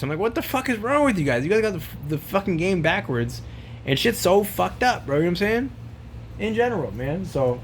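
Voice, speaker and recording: A man vlogging a loose, profanity-laced rant, circling back on himself with slang and filler. His voice sits a little high for a man, and a faint hum of ambient noise sits under it. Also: a bit bright. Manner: rambling, profane, slangy, says bro a lot. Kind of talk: casual rant to camera.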